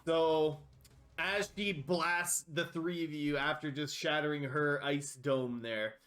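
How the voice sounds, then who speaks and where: A man acting as game master, narrating a tabletop game in a relaxed way and laughing off his own mistakes. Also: fairly high pitch, slow, soft background music.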